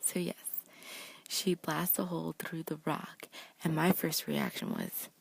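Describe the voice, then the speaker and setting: A TV episode recapper with a deep, gravelly, husky voice races through a casual recap vlog, slangy and animated as she paraphrases the characters' lines. There's no echo on the recording.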